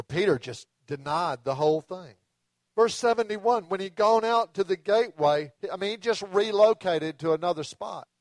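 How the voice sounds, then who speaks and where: A pastor delivers a sermon in a conversational, storytelling style, sinking into soft, low tones at the dramatic moments. The recording is dry.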